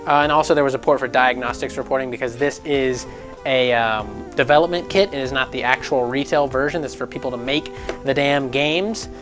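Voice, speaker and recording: A young man hosting a casual gaming news vlog, animated and sarcastic, swearing freely and mocking people in put-on voices. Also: medium pitch, a little fast, music in the background. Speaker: gaming news channel host.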